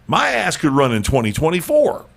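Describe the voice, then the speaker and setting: A man's voice: on the high side, huge pitch swings, moderate pace, gravelly. A male podcast host chatting casually, joking and teasing, often repeating words.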